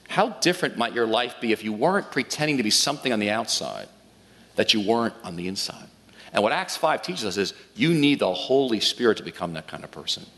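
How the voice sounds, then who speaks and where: A man preaching a sermon as pastor, telling a story in an animated way with frequent restarts. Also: on the low side. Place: large church hall. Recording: long hall reverb.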